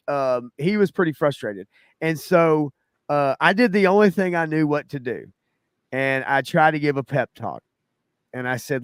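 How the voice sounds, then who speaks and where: A man's voice: medium pitch, clear, resonant tone, no room sound, studio quality. A man with a Southern US accent co-hosting a podcast, chatting casually, laughing often and rambling through his stories. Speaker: podcast co-host. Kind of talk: casual storytelling chat.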